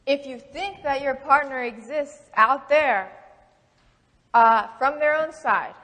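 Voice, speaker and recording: Slow-speaking woman teaching in a hall. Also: high voice, a bit bright. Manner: slow, thoughtful, with fillers. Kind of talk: lecture. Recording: long hall reverb.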